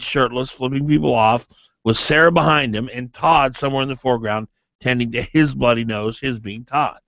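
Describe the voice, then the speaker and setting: A man's voice: medium pitch, moderate pace, gravelly, fairly bright tone, dry recording. A man co-hosting a morning talk radio show, arguing his points emphatically in casual banter. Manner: argumentative, emphatic. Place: radio studio. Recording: dull lo-fi dry radio studio sound.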